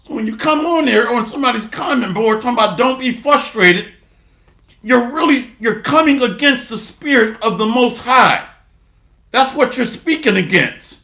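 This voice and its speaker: A man's voice: very high voice, expressive, normal speed, pushed and bright, reverberant. A man preaching a sermon and reading scripture aloud, in a blunt, mocking way.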